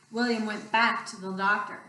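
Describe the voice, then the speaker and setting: A woman teacher reading picture books aloud, expressive and playful, with roars. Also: medium pitch, slight background noise. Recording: roomy sound, distant mic.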